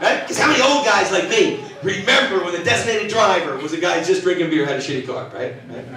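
A middle-aged man doing live stand-up comedy on a theater stage, loud and punchy, talking with the audience. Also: high-pitched, animated, quick pace, very echoey, recorded from a distance. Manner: loud, punchy, crowd-working.

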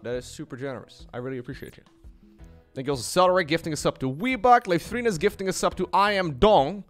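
A streamer host chatting casually with his players, thanking viewers as he goes. His voice is fairly high and swings lively up and down. Faint music plays underneath.

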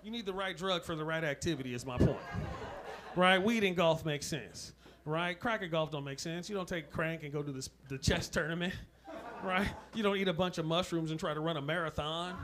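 Guy doing stand-up, kinda high voice, cussing a lot, noisy live recording. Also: fairly quick. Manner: punchy, profane, laughing at his own lines. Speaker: comedian. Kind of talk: stand-up comedy.

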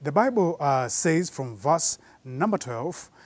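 A man preaching a sermon, slowing down and rising in force to repeat his points. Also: on the high side, very animated, no room sound. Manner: measured preaching, slows and rises for emphasis.

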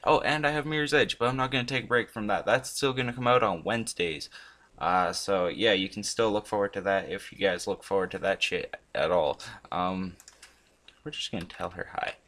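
A man hosting a gaming channel, chatting casually and rambling as he plays, swearing often and breaking into sudden loud outbursts. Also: fairly low pitch, fairly quick. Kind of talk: casual commentary while playing a chatbot.

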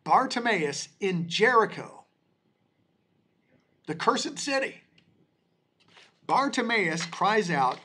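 A man leading a Bible study class, reading scripture aloud and then breaking in to explain it in a slow, deliberate way with frequent restarts. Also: high voice, big pitch swings, pushed and bright, husky. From United States.

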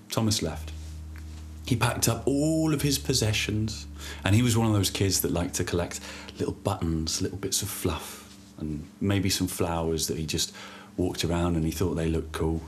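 Low-voiced man improvising a playful children's story. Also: steady tone, normal speed, a little hiss or hum. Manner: rambling, hesitant, playful.

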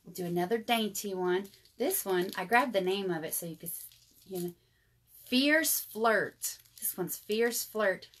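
A woman in her 30s sells jewelry on a live stream, chatting with viewers she calls y'all. Her voice sits at a medium pitch and moves a little slowly.

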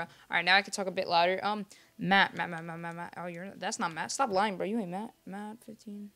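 A young man with a high, gravelly voice and fairly even intonation talks a little fast during his game livestream. His chat with viewers wanders and gets distracted, with many apologies. At times he lowers his voice to stay quiet.

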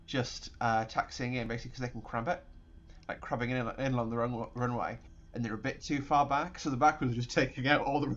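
A man's voice: medium pitch, fairly bright tone, dull audio. Chatty man narrating a flight sim. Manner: chatty, rambling, laughs, restarts a lot. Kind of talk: casual gameplay commentary.

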